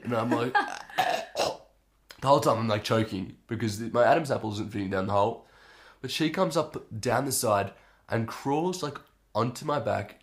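A young man in his late teens, a podcast host, telling a story in an animated way and acting out his own reactions. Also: fairly low pitch. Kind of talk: casual storytelling.

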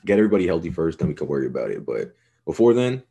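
A young man with an extremely deep, dark and mellow voice, co-hosting a sports podcast. He talks in a loose, rambling way and swears freely. His tone stays laid-back and casual. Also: big pitch swings, very fast, vocal fry, breathy edge. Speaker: podcast co-host.

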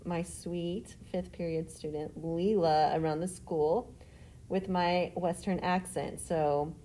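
A woman's voice: lowish voice, steady tone, takes it slowly, warm tone, slight background noise. A woman teacher chatting on a class podcast with her co-host, teasing her students affectionately. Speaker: middle school teacher. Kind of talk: casual podcast chat with students.

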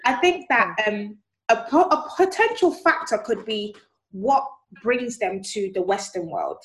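A woman's voice: mid-range voice, sing-song, a little slow, a bit bright, poor audio. A young woman in casual chat, thoughtful and a little hesitant as she starts her points. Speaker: panel guest.

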